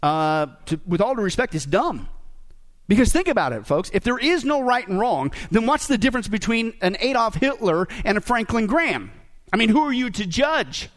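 A man's voice: sits high, big pitch swings, moderate pace. A male pastor preaching a sermon, joking and asking the congregation rhetorical questions.

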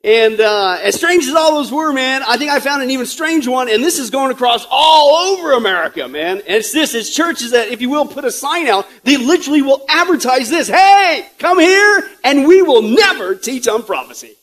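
A man's voice: very high-pitched, animated, fairly quick, few pauses, a bit bright. A man preaching a sermon as pastor, joking and conversational with rhetorical asides, and growing emphatic and urgent.

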